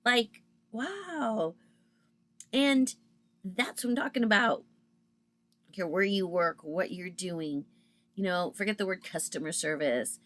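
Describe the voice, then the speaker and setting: A woman's voice: mid-range voice, animated, slow pace, pauses often, a bit bright. A woman in her fifties telling a story in a casual, chatty monologue, acting out both sides of the conversations as she goes. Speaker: vlogger.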